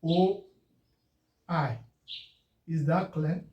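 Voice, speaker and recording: A man teaching a beginners' spelling lesson, repeating each word slowly and often asking whether it is clear. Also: a little high, steady tone, lo-fi sound. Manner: slow and deliberate, repeats words and checks understanding. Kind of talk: classroom phonics lesson. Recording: echoey room, voice from a distance.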